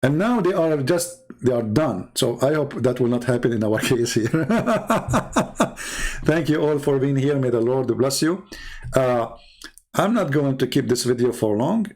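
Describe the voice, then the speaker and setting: At normal speed, a livestream host with a medium-pitched, darkish voice and lively intonation gives a taunting monologue. He's combative and mocking, challenging the people listening.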